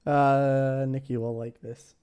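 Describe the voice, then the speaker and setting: A man's voice: mid-range voice, flat delivery, takes it slowly, mellow, clear, resonant tone. A young man co-hosting a podcast in casual chat, hesitant with lots of fillers, laughing easily. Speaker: podcast co-host.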